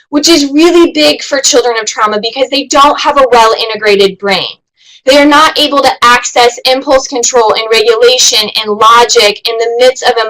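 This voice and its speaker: A woman gives an educational webinar talk in a high, bright voice. She speaks earnestly and with emphasis, leaning on repeated words to drive points home. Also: rough recording. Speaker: webinar presenter.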